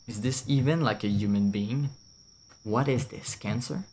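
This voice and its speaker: A man's voice: on the low side, moderate pace, a little mellow, slightly rough. A man, casually commentating a game while streaming, blunt, swearing and laughing often. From France. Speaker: VTuber streamer.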